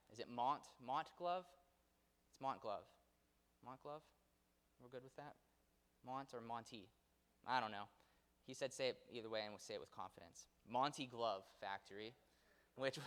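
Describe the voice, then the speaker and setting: A man with a voice on the low side and a bit bright delivers a local history lecture in a theater auditorium. He speaks conversationally, with many fillers and self-corrections, and the recording carries a long hall reverb.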